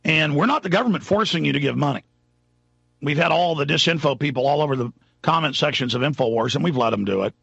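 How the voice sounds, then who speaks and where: Male talk radio host, rambling and fired up, husky voice with a dry, dull studio sound. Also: fairly high pitch, fast talker, dry recording. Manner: impassioned, rambling, shifts between mutters and shouts.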